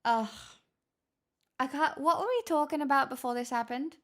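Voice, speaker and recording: A woman's voice: high-pitched, moderate pace, soft background music. A woman livestreamer chatting casually with her viewers in a rambling, self-mocking way, full of fillers. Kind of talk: casual chat with stream viewers.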